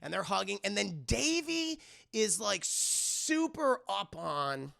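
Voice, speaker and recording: A man rambling through a casual, profane movie recap with animated delivery. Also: high voice, takes it slowly, vocal fry. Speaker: movie reviewer streaming live.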